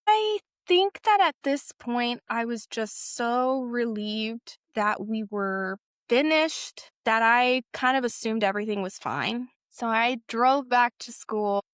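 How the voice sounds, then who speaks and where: A young woman tells a painful story from her past, her voice sitting a little high. She speaks haltingly and with feeling, often pausing on fillers as she searches for words. The sound is dry, with no room around it. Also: expressive, fairly bright tone, clear, resonant tone, dry recording. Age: young adult. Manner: halting, emotional retelling with frequent fillers. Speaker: guest sharing a personal story. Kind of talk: personal storytelling.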